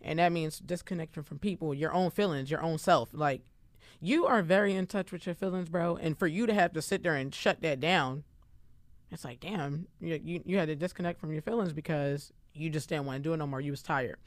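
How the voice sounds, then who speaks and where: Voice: medium pitch, brisk, no echo. A podcast co-host in casual chat who talks loosely and animatedly, using lots of slang and filler words.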